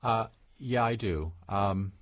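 A man's voice: on the low side, slow, no room sound. A man, an author guest, talking casually and hesitantly, with many fillers. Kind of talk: casual interview talk. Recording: dull lo-fi sound.

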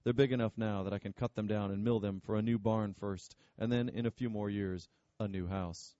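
A man reading as an earnest young farmer, polite and determined. His low voice sounds warm and mellow. The recording is dry with no room sound. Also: fairly even intonation, fairly quick, no echo, lo-fi sound, close to an everyday voice.

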